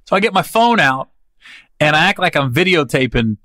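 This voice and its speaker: A man's voice: a little high, normal speed, no echo. A man hosting a podcast, telling comic stories in a casual, slangy, rambling way. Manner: animated, slangy, rambling with restarts. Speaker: podcast host and comedian.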